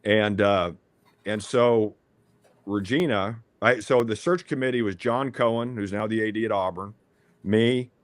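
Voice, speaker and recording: A low-voiced man tells a story as a podcast guest, earnest and rambling, often restarting his sentences. The sound is dry and close, with no room around it. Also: unhurried, no echo. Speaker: former athletic director.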